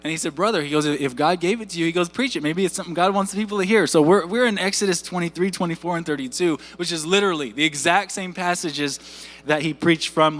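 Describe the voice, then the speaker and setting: A man in his thirties preaching a sermon in a church, animated and conversational, full of asides and rhetorical questions. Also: fairly high pitch. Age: 30s. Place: church sanctuary. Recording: church hall reverb with faint music.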